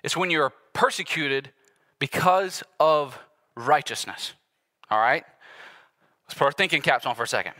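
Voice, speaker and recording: Bright-voiced man preaching conversationally. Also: on the high side, moderate pace, long pauses. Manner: conversational storytelling preacher, acts out quotes. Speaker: pastor. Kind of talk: sermon.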